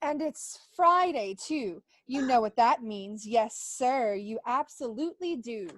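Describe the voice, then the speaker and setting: A woman's voice: a little high, expressive, no echo. A woman voicing a meddling talking snake that speaks in a flowery, insinuating way, in an audio theater play. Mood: sly. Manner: flowery, insinuating, slow and deliberate.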